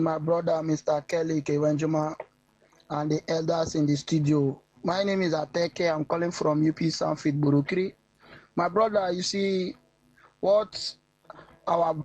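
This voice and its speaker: A man's voice: on the high side, steady tone, a little slow, darkish tone, no echo, poor audio. A man calling a radio show, speaking in an impassioned, preachy way. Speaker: caller.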